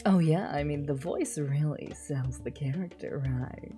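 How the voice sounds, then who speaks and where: A woman hosting her live stream, friendly and quick to laugh as she chats and thanks supporters. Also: deep voice, dark tone, soft background music. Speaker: streamer host. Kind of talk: casual chat on a live stream.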